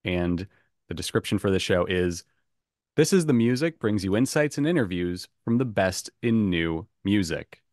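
A man's voice: low voice, expressive, normal speed, a little mellow, no echo, studio quality. Chatty man hosting a podcast game. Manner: upbeat, chatty, laughs often. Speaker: game show host.

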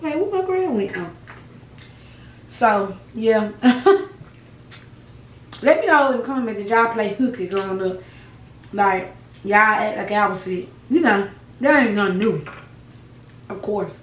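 A woman's voice: mid-range voice, measured pace, long pauses, a bit bright, echoey room, far from the mic, low-quality recording. A young woman vlogging to camera while eating, chatting to viewers in a folksy, laughing way with asides like "child" and "baby". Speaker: mukbang vlogger.

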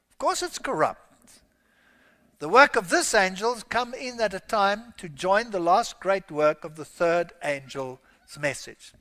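Emphatic male preacher in a hall. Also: sits high. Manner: emphatic scripture reading, rising to loud exclamations. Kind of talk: sermon. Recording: long hall reverb.

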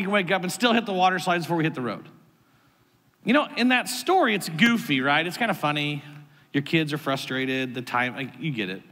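A man in his thirties, a pastor preaching a sermon in a church auditorium, telling a family story in an animated way and acting out his son's complaints. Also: on the high side. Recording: long hall reverb.

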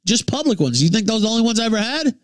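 A man from Memphis, ranting profanely on his livestream, jumping between shouts and low mutters. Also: very animated, very fast, no room sound, studio quality. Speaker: livestream host.

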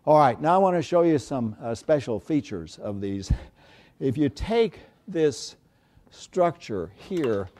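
Older male lecturer, mellow warm voice, halting with uh, stressing example phrases, lecture hall. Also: on the high side, sing-song. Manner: many uh fillers, emphatic example phrases. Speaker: university lecturer. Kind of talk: classroom lecture.

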